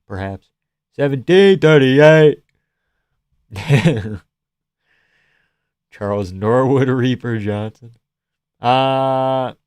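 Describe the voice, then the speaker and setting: A man's voice: medium pitch, a little mellow, clean tone, no echo, clean studio sound. A man hosting a live stream, giving casual, joking reaction commentary on fights, swearing often and reading chat aloud.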